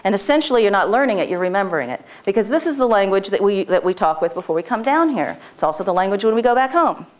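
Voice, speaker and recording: A woman's voice: mid-range voice, animated, fast talker, hardly any pauses. A woman presenting a live workshop to an audience, chatty and informal, with lots of fillers and restarts and frequent laughter. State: tearful.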